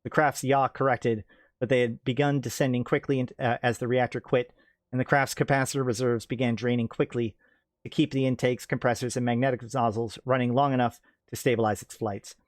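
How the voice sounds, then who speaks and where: A man narrating science-fiction fiction aloud in a steady reading voice, now and then correcting slips. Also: mid-range voice, fairly quick, no echo, studio quality.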